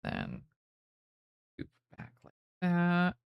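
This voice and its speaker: A man's voice: high-pitched, wildly swooping pitch, very slow, creaky, smooth, no room sound, dull audio. A young man from Canada's West Coast with a mild Western Canadian accent, chatting casually on a live stream while he paints miniatures, in a laid-back, mumbling way with casual swearing.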